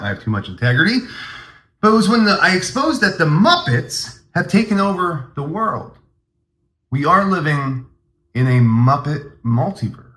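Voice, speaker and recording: A man's voice: medium pitch, a bit bright, roomy sound. A man hosting a comedy podcast, rambling through a mock-grandiose, hyped monologue.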